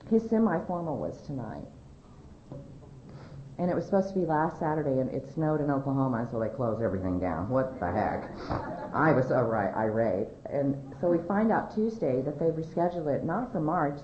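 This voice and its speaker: A woman with a low voice gives a candid, emotional personal testimony from a podium. She laughs often and her voice jumps high when she gets excited. The sound is echoey and a little dull, as in a large hall. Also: normal speed, long pauses, a little hiss or hum. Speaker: speaker sharing her story at a recovery convention.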